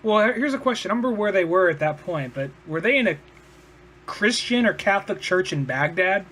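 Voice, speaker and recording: A man's voice: high voice, expressive, fairly quick, bright, forceful tone, slight background noise. A man co-hosting a podcast, joking and swearing in casual chat, quoting characters in put-on voices. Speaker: podcast co-host.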